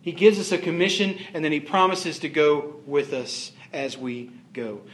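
A man's voice: fairly high pitch, animated, normal speed, fairly bright tone, roomy sound. A man pastor preaching a sermon with emphatic, repetitive phrasing that rises and falls in force.

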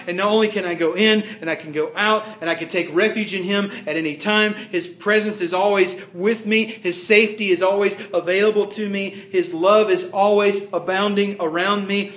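A man's voice: sits high, moderate pace, few pauses, fairly bright tone, roomy sound. A man pastor preaching a sermon with emphatic, repetitive phrasing that rises and falls in force.

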